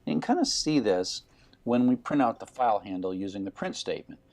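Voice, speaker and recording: A man's voice: on the low side, very animated, fast talker, a little mellow. A man giving a recorded programming lecture, explaining steadily with fillers.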